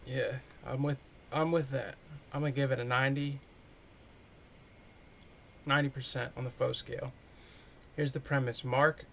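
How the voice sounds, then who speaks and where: A man's voice: medium pitch, gravelly, fairly bright tone, a little hiss or hum. A man doing a casual, chatty movie review, loose and full of swearing.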